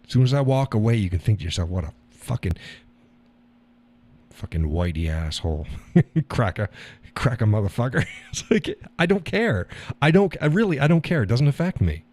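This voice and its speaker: A man's voice: medium pitch, very animated, brisk, darkish tone. A middle-aged man hosting a live stream, talking bluntly with profanity and frequent laughter. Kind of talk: casual monologue. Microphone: audio call or stream mic.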